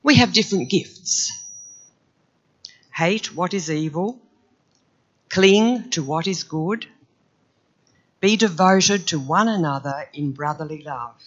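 A man with a croaky voice, reading a Bible passage aloud in a measured, earnest church reading. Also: on the high side, lively intonation, a bit bright, highs cut off. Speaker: scripture reader.

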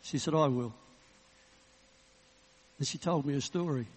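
A Baptist minister in his sixties delivers a sermon as humorous, conversational storytelling and ends with a prayer. His voice is a little high, a little slow, and slightly rough, echoing in a reverberant hall.

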